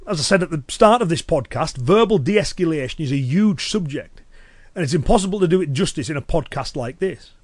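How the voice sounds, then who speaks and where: A man with a Cumbrian accent hosting a podcast alone, talking in a relaxed, chatty way with lots of fillers. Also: on the high side, a little fast, slightly rough, dry recording, clean studio sound. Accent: Cumbrian English. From Cumbria, northwest England. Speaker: podcast host and self-protection instructor. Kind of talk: solo podcast talk.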